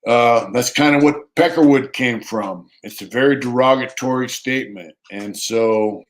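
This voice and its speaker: Here a man at normal speed and medium pitch hosts a livestream, chatting loosely and repeating himself. Between reading viewer comments out loud, he talks to his dog.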